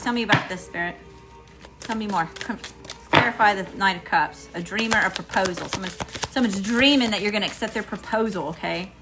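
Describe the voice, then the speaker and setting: A woman's voice: medium pitch, brisk, music in the background. A middle-aged woman with a Southern US accent, giving an emphatic live tarot reading straight to her viewers. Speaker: tarot reader.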